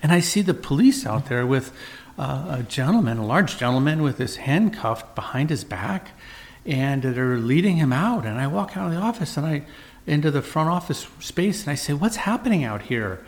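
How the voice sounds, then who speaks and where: A middle-aged man, a physician and host, telling a personal story in an earnest, measured way with frequent uhs and restarts. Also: a little high, lively intonation.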